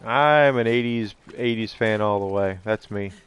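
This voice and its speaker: A man's voice: on the low side, unhurried, smooth, faint music behind. A middle-aged man streaming live, rambling casually and answering his viewers' chat messages.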